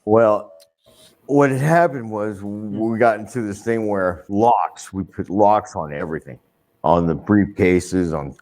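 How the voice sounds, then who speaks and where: A man's voice: lowish voice, a little slow, darkish tone. An older man telling a rambling, profane anecdote in an interview, often restarting and swearing freely. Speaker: wrestler telling a story in an interview.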